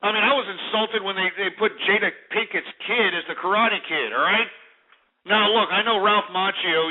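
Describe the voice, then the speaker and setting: Talk radio host, male, high-pitched, profane rambling rant, thin phone-like sound. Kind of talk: ranting talk radio monologue. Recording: tinny phone-like radio archive.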